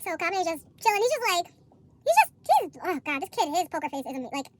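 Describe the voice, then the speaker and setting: A woman chatting casually about an anime, excitable and slangy, swearing a lot. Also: very high voice, fast talker, noisy background. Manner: excitable, slangy, swears a lot, laughs at her own jokes. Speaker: anime reviewer, co-host. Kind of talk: casual chat.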